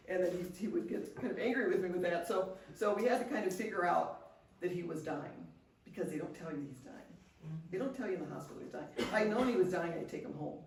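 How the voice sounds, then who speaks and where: A woman's voice: lowish voice, fast talker, vocal fry, darkish tone, a little hiss or hum. Older woman giving an earnest seminar talk. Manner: earnest, personal, frequent restarts. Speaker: seminar speaker. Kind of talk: seminar talk with personal stories. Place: seminar room. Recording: echoey room, distant mic.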